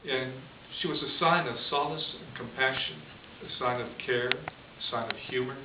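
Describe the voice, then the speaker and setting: Priest giving a chatty, chuckling homily story, heard from a distance on a dull, hissy recording. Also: male voice, mid-range voice, moderate pace. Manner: conversational, chuckles often. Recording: distant echoey lo-fi room recording with hiss.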